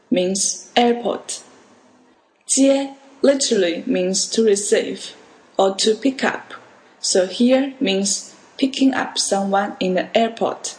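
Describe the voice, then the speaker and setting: A woman teaching a language lesson on a podcast, explaining words slowly and carefully. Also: fairly high pitch, reverberant, rough recording.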